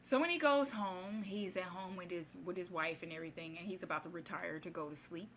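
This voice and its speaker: A woman's voice: on the low side, fairly quick, fairly bright tone, a little hiss or hum. A woman casually retelling a fairy tale in her own words, rambling and chatty, with many restarts. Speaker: storyteller.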